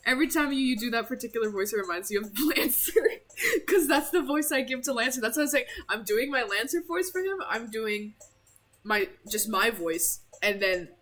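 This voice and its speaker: A woman's voice: on the high side, animated, a little fast, a bit bright. A woman streamer chatting casually, joking around in a playful way with lots of slang. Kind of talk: casual chat.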